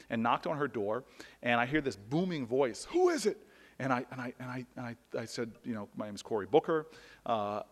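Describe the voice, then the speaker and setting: A man tells a personal story to an audience in an earnest, searching way, often stopping to restart his sentences. His voice sits at a middle pitch for a man. A long reverb from a large hall trails every phrase. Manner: earnest, with frequent restarts and repeated words. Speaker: public speaker.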